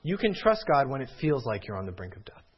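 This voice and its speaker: Husky-voiced man preaching with lively pitch. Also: quick pace, dull audio. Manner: earnest preaching, rising to pleading cries. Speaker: pastor. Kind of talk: sermon.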